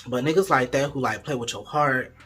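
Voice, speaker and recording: A young man telling a storytime vlog story in an animated, profane, gossipy way. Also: mid-range voice, brisk, slightly rough. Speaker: vlogger.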